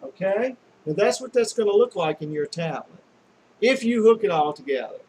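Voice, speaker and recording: A man giving a demonstration lesson on shorthand, talking slowly and patiently, often spelling words out letter by letter, with frequent pauses and restarts. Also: high voice, expressive, darkish tone, slight background noise, rough recording. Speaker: shorthand teacher.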